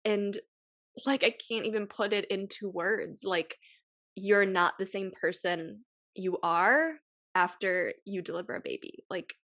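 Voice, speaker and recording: A young woman speaks close to the mic in a dry, dead room, her voice sitting at a middling pitch. She hosts a podcast and talks casually, with lots of "like", and she sighs often. Her voice trembles as she comes close to tears. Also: measured pace, a bit bright, no room sound. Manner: emotional, sighing, filler-heavy. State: tearful. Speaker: podcast host. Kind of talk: casual personal storytelling.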